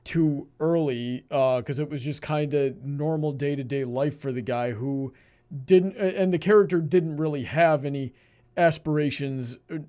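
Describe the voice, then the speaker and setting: A man's voice: fairly high pitch, moderate pace, dark tone. A man hosting a casual panel discussion, talking hesitantly with many restarts. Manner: hesitant, lots of restarts and fillers.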